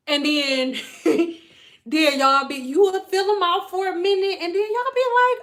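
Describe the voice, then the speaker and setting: High, bright-voiced woman chatting animatedly. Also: moderate pace. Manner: animated storyteller, swears freely, acts out quotes. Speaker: beauty vlogger, former hairstylist. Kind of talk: casual chat to viewers.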